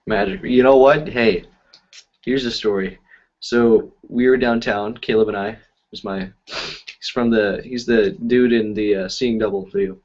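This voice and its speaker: A man's voice: fairly low pitch, darkish tone. A man who is a magician, chatting casually on a live stream and telling rambling stories full of fillers. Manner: rambling, filler-heavy storytelling. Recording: dull lo-fi audio.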